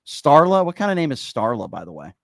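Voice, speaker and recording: A man's voice: medium pitch, very animated, a little fast, creaky, dry recording. A man hosting a call-in political talk show, combative and sarcastic, insulting his callers.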